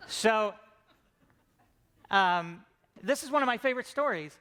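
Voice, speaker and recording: Bright, smooth-voiced man joking on stage. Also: high-pitched, animated, a little slow, pauses often. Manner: joking, self-deprecating, many fillers and restarts. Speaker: comedy show creator giving a conference talk. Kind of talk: casual comedic talk to a live audience.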